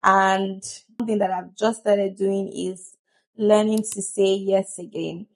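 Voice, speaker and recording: A woman's voice: medium pitch, fairly even intonation, takes it slowly. A woman giving a chatty, earnest motivational talk to camera, laughing often. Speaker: vlogger.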